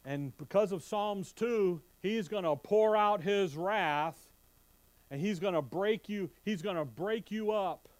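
A man's voice: high voice, takes it slowly. A man preaching an expository Bible sermon, reading scripture aloud and quizzing his listeners with questions. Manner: animated, quizzing the congregation with questions; reads scripture aloud in King James wording.

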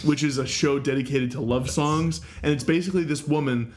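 A man's voice: on the high side, steady tone, a little fast, darkish tone. A young man from New Hampshire co-hosting a music podcast, chatting casually with jokey, rambling tangents. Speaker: podcast co-host. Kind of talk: casual chat.

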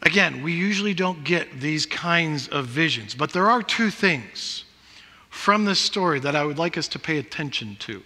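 A man's voice: on the high side, expressive, moderate pace, sharp tone. A middle-aged male pastor preaching a sermon, telling stories in a self-deprecating way. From Pacific Northwest. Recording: reverberant church hall.

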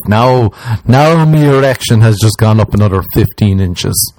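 Young Irish man, solo comedy podcaster, lowish voice, close dry mic, loose rambling delivery. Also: animated, moderate pace, hardly any pauses, darkish tone, dry recording. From Ireland. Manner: rambling, jokey, jumps into mocking put-on voices. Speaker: podcast host.

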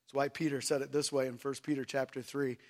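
A man preaching a sermon as pastor, swinging between shouted lines and soft, quiet ones, and asking the congregation rhetorical questions. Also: medium pitch, level tone, quick pace.

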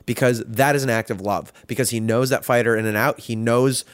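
A man in a loose, profane podcast conversation, earnest and animated as he makes his point. His voice sits mid-range, and the sound is dry and close with no room echo. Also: mid-range voice, brisk, clean tone. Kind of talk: casual podcast chat.

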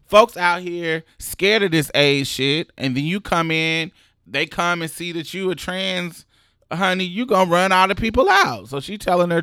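A man casually recapping an episode he acted in, profane and animated, laughing often. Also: high voice, measured pace, clean tone, no echo, studio quality. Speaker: actor recapping his own show.

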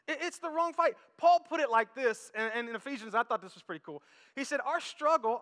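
Man, pastor, sermon, animated storyteller, long hall reverb. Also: very high voice, a little fast. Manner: storytelling, animated, acts out quotes.

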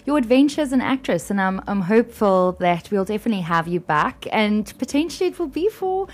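A woman's voice: medium pitch, sing-song, fairly quick. A woman hosting a podcast interview, gushing with praise and laughing often. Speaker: podcast host. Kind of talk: casual interview chat.

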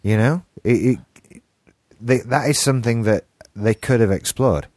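A man's voice: medium pitch, unhurried, a little mellow, no echo, studio quality. A man with an English accent co-hosting a podcast, musing in a casual discussion and thinking aloud with restarts. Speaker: podcast co-host.

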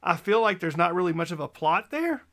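A man's voice: sits high, very animated, a little fast, crowd noise. A man in his thirties with a slight lisp, chatting enthusiastically as a podcast host and sometimes tripping over his words. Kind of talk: casual chat.

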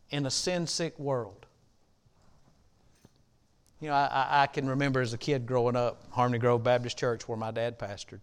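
A middle-aged man preaching a sermon in a church, repeating a question like a refrain and building from quiet reflection to impassioned shouting. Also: mid-range voice, steady tone, normal speed, pauses often, clean tone. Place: church sanctuary.

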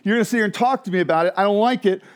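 A man's voice: sits high, very fast, clean tone, close to an everyday voice. A man voicing a weary, apathetic male churchgoer who wants to be left alone, in a whiny, defensive caricature.

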